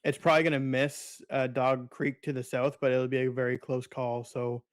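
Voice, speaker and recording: A man co-hosting a live storm stream, giving halting warnings to a town in the storm's path. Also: mid-range voice, flat delivery, no echo, studio quality. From Canada. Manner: halting, with "uh" fillers. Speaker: co-host. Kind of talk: live storm-tracking commentary.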